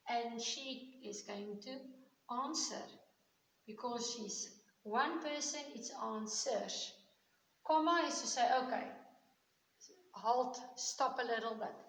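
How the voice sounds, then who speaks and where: A woman teacher giving a grammar lesson to children, explaining patiently step by step and checking in often. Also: fairly high pitch. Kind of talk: recorded classroom grammar lesson. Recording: echoey room with long reverb and faint hiss.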